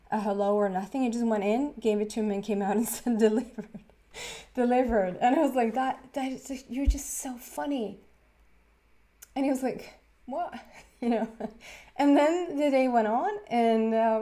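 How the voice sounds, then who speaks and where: Mellow-voiced woman in her thirties, tarot reader, rambling and giggly storyteller. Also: on the high side. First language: Swedish. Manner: rambling and giggly, many fillers and restarts. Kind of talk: casual storytelling to camera.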